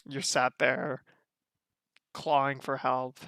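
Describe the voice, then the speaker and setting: A man's voice: medium pitch, completely flat delivery, slow pace, gravelly, background noise. A man streaming live, gushing in casual slangy commentary and repeating himself as he reacts.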